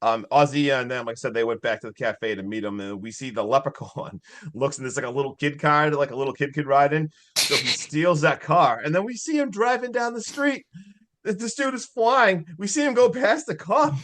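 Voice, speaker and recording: A man co-hosting a casual podcast, retelling a horror film with eager, laughing energy. His voice sits a little high for a man, and he talks in quick excited bursts. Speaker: podcast co-host. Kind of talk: casual movie recap chat.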